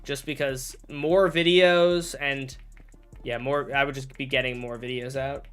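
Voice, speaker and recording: A man's voice: medium pitch, fairly even intonation, a little slow, a bit bright, clean tone, soft background music. A man streaming a game and chatting casually, rambling and correcting himself as he talks, with jokey mock outrage. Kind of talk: casual livestream chat while gaming.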